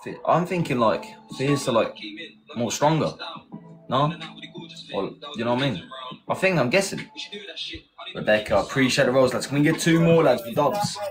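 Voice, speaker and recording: Over loud background music, a livestream host from England chats casually, thanks his viewers and rallies his team. His medium-pitched voice is expressive at a moderate pace with long pauses, and the recording is rough.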